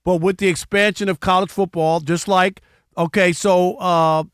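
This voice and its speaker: A man's voice: sits high, fairly even intonation, moderate pace, a bit bright, clean tone, dry recording, studio quality. A man hosting a sports radio show, talking in a conversational, hedging way and restarting his thoughts often.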